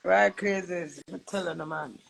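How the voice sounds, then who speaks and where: A woman's voice: on the low side, moderate pace, vocal fry, a little hiss or hum, low-quality recording. A woman with a Jamaican accent on a live stream, earnest and preachy, switching between patois and English, emotional while recovering from illness. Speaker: livestreamer.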